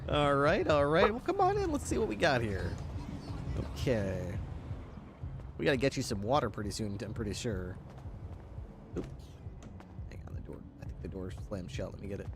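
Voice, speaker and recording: A man's voice: mid-range voice, very animated, moderate pace, pauses often. A man roleplaying a police dog handler, chatting to his dog in a doting, chatty way and laughing often. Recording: game ambience and vehicle noise behind.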